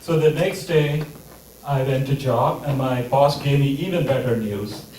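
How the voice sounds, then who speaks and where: A man doing a stand-up comedy set with a deadpan, mock-serious delivery. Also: medium pitch, unhurried, a little hiss or hum. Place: comedy theater stage. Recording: echoey theater mic from a distance.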